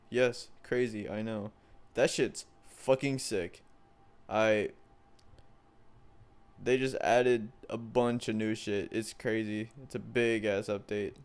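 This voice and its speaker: A man's voice: mid-range voice, unhurried. A young man co-hosting a podcast in loose, casual chat, joking around, swearing freely and laughing often. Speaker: podcast co-host.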